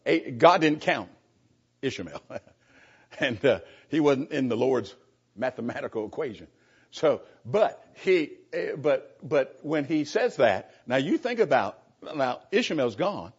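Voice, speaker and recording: A man's voice: medium pitch, big pitch swings, unhurried, husky, muffled recording. A man, a pastor, teaching a Bible class in an earnest, emphatic way and putting questions to the class.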